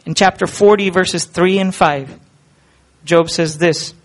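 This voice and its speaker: A man's voice: high-pitched, steady tone, slow pace. A man preaching a sermon in an earnest, conversational way, asking the listeners rhetorical questions.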